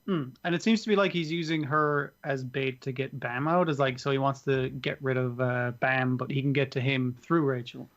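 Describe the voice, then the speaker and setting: A man's voice: medium pitch, steady tone, normal speed, few pauses, fairly bright tone, muffled recording. A man co-hosting a casual podcast, laid-back, laughing easily while recapping episodes. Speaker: podcast co-host.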